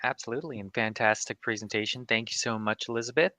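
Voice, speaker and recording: A man's voice: medium pitch, quick pace, pushed and bright, dry recording. A man moderating a webinar Q&A, politely thanking the speaker and reading audience questions aloud. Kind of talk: moderating a live Q&A.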